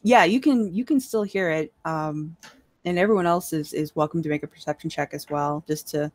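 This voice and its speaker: A woman's voice: sits low, moderate pace, no room sound. A woman narrating as dungeon master in a tabletop game, describing scenes in a laid-back way and laughing often.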